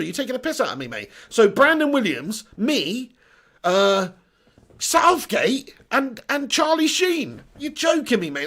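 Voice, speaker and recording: This thirty-something man sounds high, pushed and bright as he runs a live football watch-along stream. He reads out messages from chat and reacts with swearing and banter.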